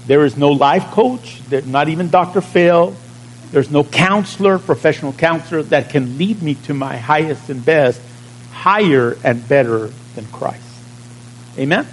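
A pastor preaching a sermon in a conversational way, stretching out key words and checking in with the congregation. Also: male voice, mid-range voice, a little hiss or hum, rough recording.

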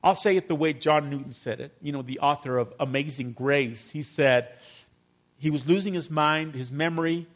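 Higher-voiced middle-aged male pastor preaching. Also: moderate pace. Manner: conversational, addresses congregation with call-and-response questions. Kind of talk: sermon.

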